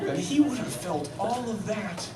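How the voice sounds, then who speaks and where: A man doing stand-up, telling a rambling, self-mocking story in an animated way. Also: sits high, measured pace, very noisy. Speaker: stand-up comedian. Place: comedy stage before a live audience. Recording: echoey live venue, mic at a distance, loud crowd. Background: audience laughter.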